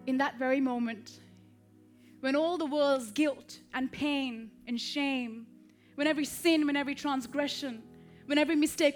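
A woman preaching a sermon in rhythmic repeated phrases, swelling to loud peaks and dropping to soft tones. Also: high voice.

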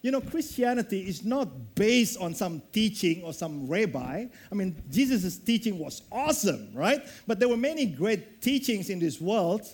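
High-voiced animated male preacher. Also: moderate pace, few pauses, husky. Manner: animated storytelling, acts out voices. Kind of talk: sermon.

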